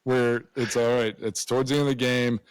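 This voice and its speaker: A man's voice: medium pitch, level tone, fairly quick, clean tone, dry recording, rough recording. A man co-hosting a podcast, chatting casually and laughing as he asks long, rambling questions. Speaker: podcast co-host. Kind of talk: casual interview chat.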